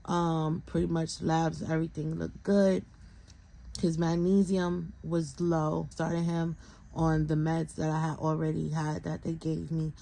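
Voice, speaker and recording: Exhausted young woman vlogger, flat low gravelly voice, venting straight to camera. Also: a little slow, poor audio. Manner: venting, tired, talks straight to viewers. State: exhausted, close to tears. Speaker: vlogger, parent of a sick child. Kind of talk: emotional vlog update.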